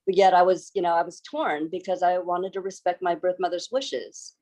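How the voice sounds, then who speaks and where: A woman's voice: on the low side, flat delivery, normal speed, darkish tone. A woman author answering interview questions in an earnest, reflective way, with some hesitant restarts. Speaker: author, guest.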